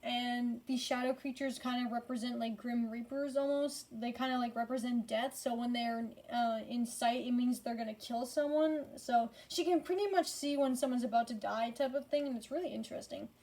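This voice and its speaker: A woman's voice: on the high side, fairly even intonation, normal speed, hardly any pauses, a little mellow. A tired woman casually ranking movies in a rambling, profane way, full of fillers and frequent swearing. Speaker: movie reviewer.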